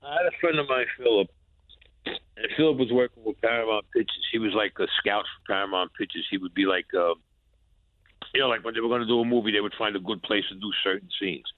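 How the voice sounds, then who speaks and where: A man's voice: lowish voice, steady tone, quick pace, no room sound. A man telling a story in an interview, acting out both sides of old conversations in blunt, profane street talk. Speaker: guest, former mob enforcer. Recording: tinny phone line.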